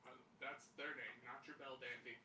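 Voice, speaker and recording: A man's voice: mid-range voice, steady tone, normal speed. A man co-hosting a comedy podcast, chatting casually and reading listener submissions aloud with loose, swearing humor. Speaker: podcast co-host. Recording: echoey room, mic a bit distant, faint hiss.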